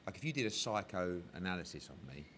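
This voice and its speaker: A man's voice: low-pitched, a little fast, slight background noise. Fired-up, foul-mouthed boxing promoter man. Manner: animated, heavy swearing, emotional storytelling. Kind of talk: candid casual interview.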